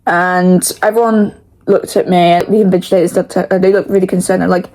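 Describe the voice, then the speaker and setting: A woman's voice: fairly low pitch, steady tone, brisk, a little mellow, low-quality recording. English girl, late teens, vlogging, rambling and frank, swears a lot, fills with "like". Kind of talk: casual chatty storytelling.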